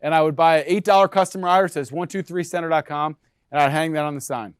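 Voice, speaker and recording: Upbeat man pitching to real estate agents. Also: quick pace, smooth, no echo, clean studio sound. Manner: energetic, talks to the room with frequent "right?". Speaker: brokerage presenter. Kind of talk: sales presentation to agents.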